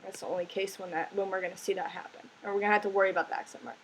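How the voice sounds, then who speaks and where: A woman's voice: medium pitch, steady tone, a little hiss or hum, rough recording. A woman teaching a recorded language lesson, explaining step by step and checking in with "right?" as she goes. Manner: slow, patient explaining with frequent "right?" checks. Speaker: Spanish teacher.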